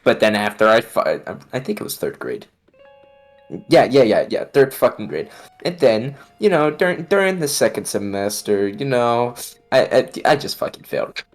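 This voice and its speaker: A man's voice: mid-range voice, sing-song, normal speed, faint music behind. A man co-hosting a podcast in casual chat, rambling and swearing heavily as he pokes fun at himself. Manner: rambling, heavy swearing, self-mocking. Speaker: podcast co-host.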